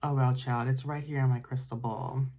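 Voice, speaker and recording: A man's voice: mid-range voice, little pitch movement, moderate pace, warm tone, close to an everyday voice. A man voicing a teen girl posing as a female phone psychic with a put-on Jamaican accent, in ASMR storytelling. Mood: mock-mystical. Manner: mock-mystical, calls the caller "child".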